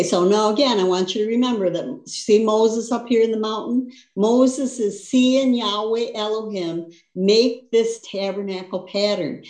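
A woman's voice: mid-range voice, a little mellow. A woman teaching scripture in a loose, conversational preaching style. She keeps checking with her listeners as she goes, and her mid-range voice rings in a roomy space. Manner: conversational preaching, frequent "you understand?" and "see?". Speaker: Bible teacher. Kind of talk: sermon.

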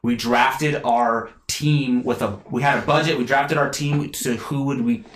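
Man, podcast host, casual chat, excitable, echoey room, faint background noise. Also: medium pitch, a little slow.

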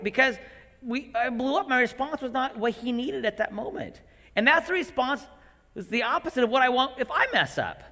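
A man in his forties preaching a sermon to parents, animated and acting out his own outbursts. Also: high voice. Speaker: pastor. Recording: long hall reverb.

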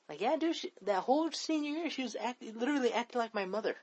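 A man's voice: high-pitched, quick pace, rough recording. A young man, rambling and repeating himself as he swears his way through a story on a casual podcast chat. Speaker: podcast co-host.

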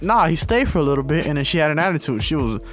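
A man's voice: fairly high pitch, sing-song, very fast, faint music behind. A man, telling a story in casual podcast chat, often checking in with 'you feel me'.

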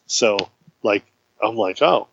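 A man casually telling a road-trip story in a chat, acting out the voices of the people he met with big jumps in pitch. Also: lively intonation, takes it slowly, gravelly, muffled recording, a little hiss or hum. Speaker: guest.

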